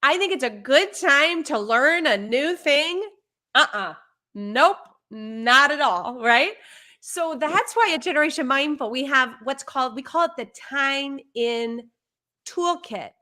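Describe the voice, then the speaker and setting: A high-pitched woman with a bright, lively timbre talks through parenting advice. She is animated and breaks into little acted-out lines of what a parent or child might say. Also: takes it slowly. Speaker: parenting educator. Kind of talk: conversational advice on a live stream.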